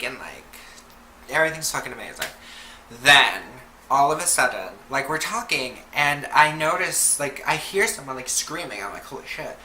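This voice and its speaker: A young woman chats through a casual storytime vlog, loose and profane, with "like" in every other phrase. Her voice is bright and forceful. The room rings with a roomy echo over faint noise. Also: very deep voice. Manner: chatty, heavy on "like" and swearing. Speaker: vlogger.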